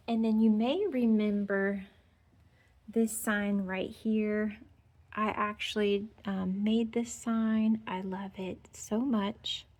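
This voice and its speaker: Speaking in a mid-range, darkish voice, a woman narrates a casual tour of her decorated outdoor porch. She's a home decor vlogger, gushing and chatty, filling the talk with fillers and sweet little remarks.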